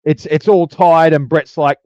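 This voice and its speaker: A man's voice: fairly high pitch, fairly even intonation, measured pace, darkish tone, no echo, muffled recording. A man co-hosting a podcast in casual chat, rambling with repeated words and acting out quotes. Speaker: podcast co-host.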